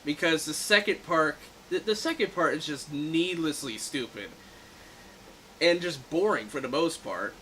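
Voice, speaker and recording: Bright-voiced man in a casual movie review chat. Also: fairly high pitch, unhurried, slight background noise, low-quality recording. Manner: animated, laughs often, acts out quoted lines. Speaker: movie review podcast co-host.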